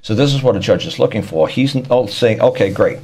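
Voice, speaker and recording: Here the man speaks in a mid-range, slightly mellow voice with lively intonation and a fast pace. He rambles through court matters in casual explanatory talk, repeating himself and putting on voices for those he quotes, as someone who speaks on law and court tactics.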